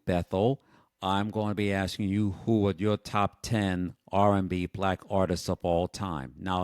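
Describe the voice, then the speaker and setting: A man hosting a music podcast interview, speaking in a measured, deliberate way. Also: fairly low pitch, smooth, no room sound, clean studio sound. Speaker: podcast host.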